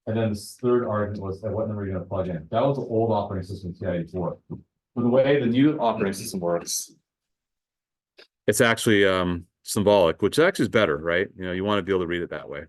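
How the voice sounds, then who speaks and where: A man teaching a high school math class in a casual lecture, talking the students through calculator steps. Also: quick pace, poor audio. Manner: casual, talks to students as guys, thinks aloud with fillers.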